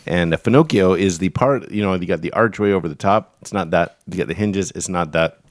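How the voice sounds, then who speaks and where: A man's voice: low voice, fairly quick, no echo, clean studio sound. A man co-hosting a casual podcast, playfully and confidently making up mock definitions. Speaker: podcast co-host.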